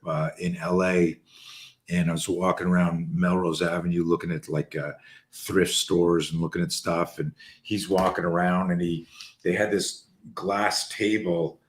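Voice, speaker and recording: A man with a lowish voice tells a story on a podcast, lively and loose, swearing freely as he acts out what people said. His voice rings in a roomy, echoey space. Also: moderate pace. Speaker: podcast host. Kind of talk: storytelling in casual chat. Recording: roomy echo.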